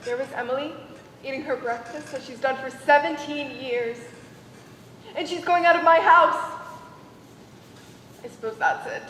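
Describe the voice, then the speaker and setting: A woman's voice: sits high, fairly even intonation, a little fast, slight background noise, close to an everyday voice. Teen girl playing a rueful mother of the bride. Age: teens. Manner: rueful, confiding monologue. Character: worried mother of the bride, wistful. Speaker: student actor. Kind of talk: stage acting. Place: school auditorium stage. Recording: echoey hall from far off.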